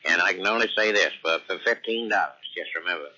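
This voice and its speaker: A man's voice: low voice, bright, forceful tone, breathy edge, full character voice. A man voicing a pompous Texan billionaire politician who rambles and stumbles on an answering machine, with a Texas accent. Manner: rambling, halting, full of ums. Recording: dull lo-fi answering machine tape.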